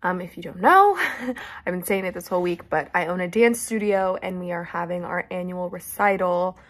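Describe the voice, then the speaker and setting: A woman's voice: on the low side, lively intonation, moderate pace, fairly bright tone. A young woman narrating her day in a casual vlog, chatty and full of filler words. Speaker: vlogger, dance studio owner.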